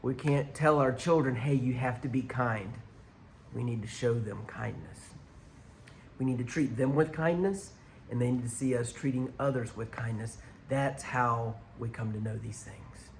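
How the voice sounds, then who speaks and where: A man's voice: mid-range voice, unhurried, vocal fry, slight background noise. A man preaching a conversational sermon to viewers watching online, speaking through a church sound system. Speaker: pastor.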